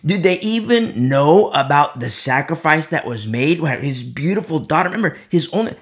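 A man preaching a verse-by-verse sermon who swings from loud emphasis to hushed whispers and repeats key phrases for weight. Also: on the high side, big pitch swings, moderate pace, few pauses. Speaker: preacher leading a Bible study.

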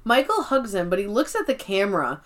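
A woman's voice: medium pitch, sing-song, brisk. A woman co-hosting a podcast, retelling scenes in casual chat and acting out the characters' lines, swearing freely. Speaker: podcast co-host.

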